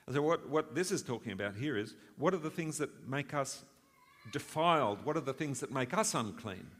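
A man's voice: medium pitch, animated, a little fast, fairly bright tone, big-room sound. A man preaching a sermon in an earnest way, asking rhetorical questions and swelling for emphasis.

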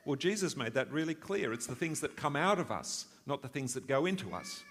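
A man's voice: on the high side, big pitch swings, brisk, fairly bright tone, in a large hall, a little hiss or hum. A man preaching a sermon in an earnest way, asking rhetorical questions and swelling for emphasis.

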